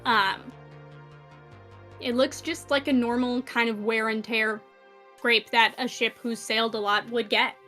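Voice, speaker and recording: Slow, bright-voiced woman game master. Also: a little high, fairly even intonation, faint music behind. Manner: unhurried, hesitant with fillers. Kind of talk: narrating a tabletop game.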